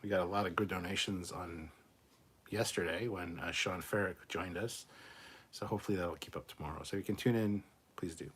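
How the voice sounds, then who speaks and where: A man's voice: low-pitched, steady tone, fairly quick, fairly bright tone, slightly rough. A man hosting a casual livestream, joking loosely and thanking viewers by name as he reads out donations. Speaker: livestream host. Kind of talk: casual live-stream chat, reading out donations.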